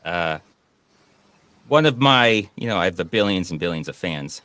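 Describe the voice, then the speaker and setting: A man's voice: sits low, expressive, normal speed, bright, forceful tone, no room sound. Joking man hosting a casual chat. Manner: joking, sarcastic. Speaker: podcast host.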